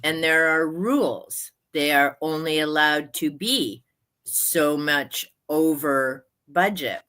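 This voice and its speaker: A woman in her sixties hosting a livestream, chatting casually and laughing often in a slow, drawn-out way. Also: sits low, a bit bright. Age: 60s. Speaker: livestream host. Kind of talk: casual chat.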